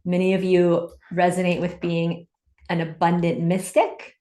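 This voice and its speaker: A mellow woman with a fairly low voice speaks a little slowly and with completely flat delivery, yet her manner is upbeat and encouraging as she reads chat comments aloud. She is a summit host and business coach giving a live webinar coaching talk from her home in Santa Cruz, and the room sounds echoey.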